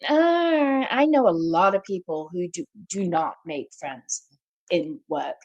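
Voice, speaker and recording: A woman from Liverpool with a softened Scouse accent, co-hosting a podcast and telling stories in casual chat. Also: fairly low pitch, slow pace, lo-fi sound. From Liverpool, England. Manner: animated storyteller. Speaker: podcast co-host.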